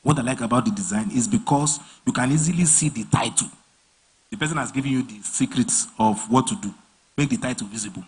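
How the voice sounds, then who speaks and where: Husky animated male design trainer. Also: medium pitch, brisk. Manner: animated storyteller, voices clients and bosses mid-story. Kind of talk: casual live training talk with acted-out anecdotes.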